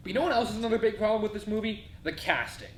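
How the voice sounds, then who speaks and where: A man hosting a casual movie review chat, animated and ranting. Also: very fast. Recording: echoey room with faint rumble.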